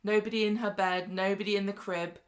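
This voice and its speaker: A woman chattily recapping soap episodes as podcast co-host, dropping in quick quoted asides. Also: medium pitch, level tone. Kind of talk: casual soap-opera recap chat.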